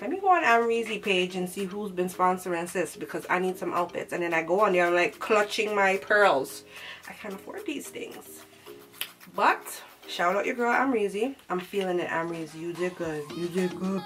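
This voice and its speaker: A young woman talks through her makeup routine in a sassy, slangy, chatty way. Her voice sits at a middling pitch. Clear music plays behind her. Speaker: beauty vlogger. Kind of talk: casual makeup tutorial chat.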